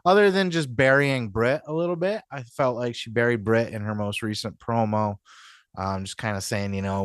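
A man's voice: mid-range voice, moderate pace, clear, resonant tone, dry recording, studio quality. A man hosting a podcast in a casual, rambling rant, swearing freely and often asking whether you follow. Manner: profane, rambling, keeps asking "you know what I mean". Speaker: podcast host.

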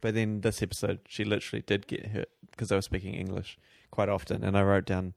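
A man with a low, gravelly voice co-hosting a casual podcast, steering the chat along with quick asides. The sound is dry and close. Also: flat delivery, no room sound. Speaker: podcast co-host.

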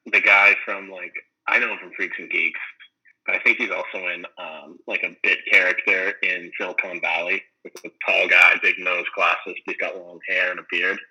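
A man chatting casually, rambling and animated as he retells funny scenes, full of "like" and "um". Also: low voice, normal speed, vocal fry, husky, lo-fi sound. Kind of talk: casual chat about a sitcom.

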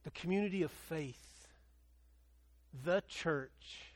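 A man preaching a sermon, telling a story with animation, swinging from loud excitement to hushed earnestness. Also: fairly high pitch, slow pace. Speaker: pastor.

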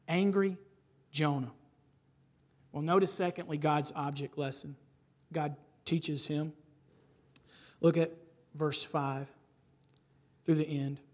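A man preaching a sermon in a conversational, animated way, often checking in with his listeners and rising to stress points. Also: a little high. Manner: conversational, frequent "right?" asides. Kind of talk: expository sermon.

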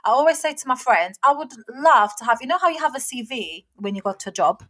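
A woman, telling a story in casual chat, animated and indignant. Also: high-pitched, quick pace.

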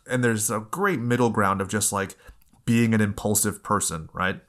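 A man with a somewhat low voice leads a casual film discussion. He talks in an animated, analytical way, chatty and full of asides. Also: normal speed.

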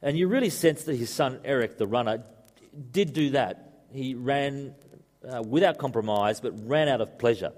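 A man's voice: mid-range voice, animated, moderate pace, darkish tone. A man preaching a sermon to a congregation in a conversational way, mixing in joking asides. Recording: echoey hall reverb.

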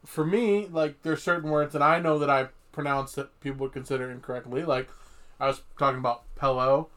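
A man from Michigan co-hosting a podcast, chatting casually with frequent swearing and animated outbursts. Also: medium pitch, a little fast. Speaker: podcast co-host. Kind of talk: casual chat.

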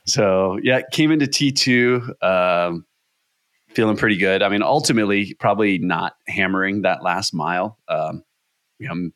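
A man, a podcast guest, telling a race story in casual chat with excited energy and free swearing. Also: low voice, normal speed, dry recording, studio quality.

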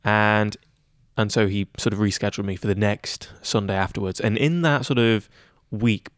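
A young man in his twenties talking in a relaxed interview, chatty and self-deprecating with lots of fillers. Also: fairly low pitch, normal speed, dry recording, studio quality. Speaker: head of news at student radio. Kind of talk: casual interview chat.

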